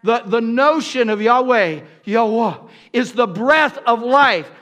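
An older man preaching a sermon, calling the congregation to respond and swinging between shouted lines and hushed, breathy passages. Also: extremely high pitch, lively intonation, slow pace. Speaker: pastor.

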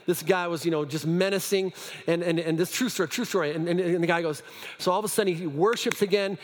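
High-voiced preacher in an echoey hall. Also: male voice, quick pace. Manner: storytelling, many restarts, dropping to soft hushed lines. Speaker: pastor. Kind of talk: sermon.

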